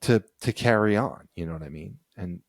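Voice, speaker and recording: A man's voice: lowish voice, normal speed, no echo, studio quality. A man co-hosting a podcast, reading from an article and explaining it in a casual, easy-laughing way; he is from the United States and has kids. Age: adult with children. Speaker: podcast co-host.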